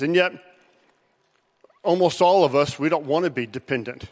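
A man preaches a sermon with a high voice. He talks in an animated way and acts out the voices of the people in his story. His voice rings with the long reverb of a large church hall. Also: moderate pace. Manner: animated, acts out Bible figures' voices with rising pitch.

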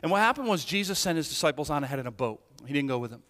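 Pastor, male, sermon delivery; fairly high voice, animated hushed-to-emphatic swings, stumbling restarts, long hall reverb. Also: rapid-fire.

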